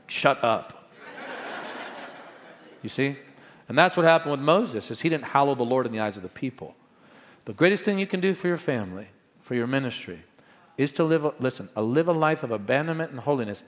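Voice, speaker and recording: A middle-aged male pastor preaching a sermon, swinging between loud proclamations and quiet asides. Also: mid-range voice, big-room sound.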